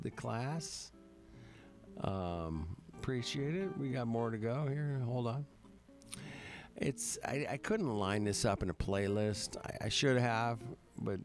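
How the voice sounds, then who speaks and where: A man with a fairly low voice hosts a relaxed livestream from home. He drawls slowly, swears freely and keeps saying "man" and "bro". Guitar music plays clearly behind him. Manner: slow, laid-back drawl, swears freely, says "man" and "bro" often. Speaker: livestream host. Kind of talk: casual chat reading viewer comments. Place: at home, in California.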